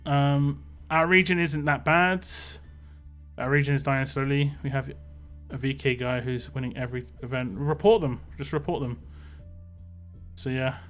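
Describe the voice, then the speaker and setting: A young man live-streaming a mobile game, chatting casually, greeting viewers by name and getting excitable over lucky rolls. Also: medium pitch, moderate pace, faint music behind. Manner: excitable when hoping for lucky results. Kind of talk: live-stream gameplay chat.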